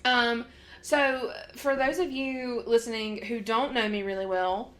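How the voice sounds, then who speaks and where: A woman's voice: on the high side, fairly even intonation, unhurried, fairly bright tone. A woman co-hosting a casual podcast chat, talking loosely with lots of "like" and frequent laughter. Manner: chatty, laughs often, lots of "like". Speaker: podcast co-host.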